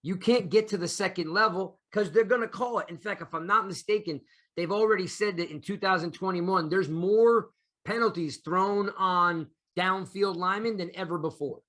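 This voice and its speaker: A man's voice: sits high, normal speed, bright, forceful tone. A man hosting a casual sports podcast, talking in a rambling way with many restarts. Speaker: podcast host.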